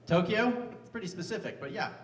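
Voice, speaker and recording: A man's voice: high voice, animated, a little fast, a bit bright. Roomy, distant stand-up comic in his fifties. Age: 50s. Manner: self-mocking, banters with the crowd. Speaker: stand-up comedian. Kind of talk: live stand-up set. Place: large live music venue on stage. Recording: roomy venue sound from a distance.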